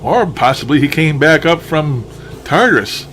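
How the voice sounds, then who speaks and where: With a high-leaning, slightly bright voice, lively intonation and a moderate pace, the enthusiast reviews his own paranormal recordings. He muses casually, chuckles frequently and lets out mild profanity now and then, over a touch of hiss or hum.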